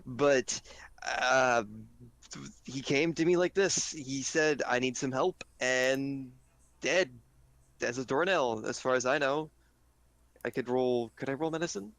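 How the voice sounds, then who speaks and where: A man's voice: mid-range voice, slow pace, fairly bright tone. A young man speaking as a tabletop game player, casual and flippant. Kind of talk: in-character tabletop play.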